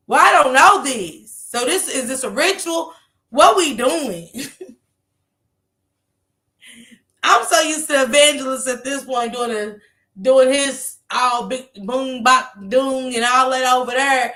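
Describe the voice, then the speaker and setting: Woman caller, slow drawl, bright higher voice, animated storyteller. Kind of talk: casual storytelling on a call.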